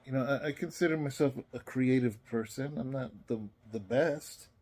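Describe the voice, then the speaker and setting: A man's voice: mid-range voice, normal speed, darkish tone. A tired man speaking as a pastor, giving an earnest, rambling, conversational devotional message he recorded himself. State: tired, yawning. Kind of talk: casual spoken devotional message. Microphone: self-recorded.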